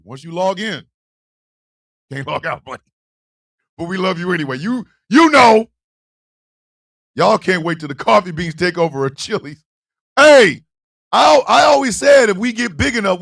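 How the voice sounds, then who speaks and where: A man hosting a livestream, chatting casually with his audience in loud, animated, profane banter with frequent laughter. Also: sits high, vocal fry. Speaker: livestream show host. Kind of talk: casual livestream talk, reacting to chat.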